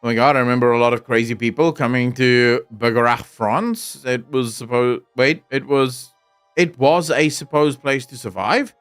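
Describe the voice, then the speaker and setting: A man's voice: mid-range voice, moderate pace, fairly bright tone, smooth, faint music behind. A young man with a South African accent, chatting casually and crudely on a live stream, joking and swearing as he reacts to chat. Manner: sardonic, joking, frequent laughter and swearing.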